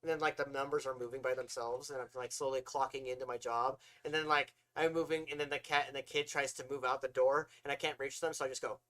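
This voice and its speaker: A man co-hosting a casual podcast, telling long, animated stories, acting out voices and swearing often. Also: medium pitch, fast talker, hardly any pauses. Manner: rambling, animated storytelling that acts out voices, with frequent swearing. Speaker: podcast co-host.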